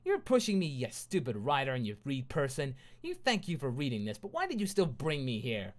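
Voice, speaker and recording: A man's voice: fairly high pitch, huge pitch swings, measured pace, voice pushed up, exaggerated voice. Deadpool, a man doing a squealing giddy antihero. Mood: taunting. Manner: squealing, giddy, taunting, sing-song. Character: wisecracking manic male antihero mercenary. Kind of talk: amateur fan fiction reading.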